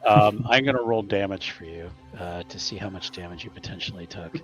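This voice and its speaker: A man's voice: sits low, brisk, music in the background. A man narrating a tabletop game as game master in a casual, filler-heavy way.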